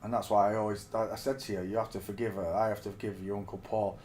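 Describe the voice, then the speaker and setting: A man's voice: fairly low pitch, little pitch movement, fast, darkish tone, a little hiss or hum. A man in his forties from England, telling rambling stories in casual chat and calling the listener mate. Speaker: streamer.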